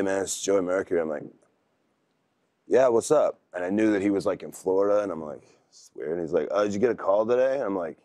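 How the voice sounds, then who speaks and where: A man's voice: deep voice, warm tone, dry recording. A man in his thirties telling stories in a laid-back, rambling way as an interview guest. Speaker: wrestler guest. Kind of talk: casual interview talk.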